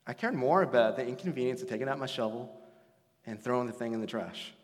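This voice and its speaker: In a long hall reverb, a man preaches a conversational sermon, slipping in laughing asides and swinging between loud storytelling and hushed, intimate lines. His pitch is medium and he speaks fast.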